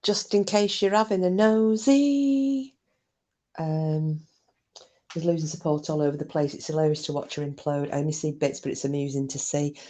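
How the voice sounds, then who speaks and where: A woman's voice: low voice, moderate pace, warm tone. A woman hosts a casual livestream, reading comments aloud in a chatty, sweary way. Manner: chatty, sweary, laughs easily. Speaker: livestream host.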